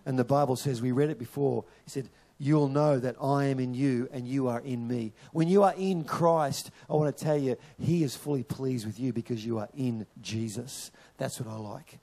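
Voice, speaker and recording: A man preaching a sermon in a church, animated, repeating words and drawing in the audience. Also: mid-range voice, moderate pace. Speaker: pastor.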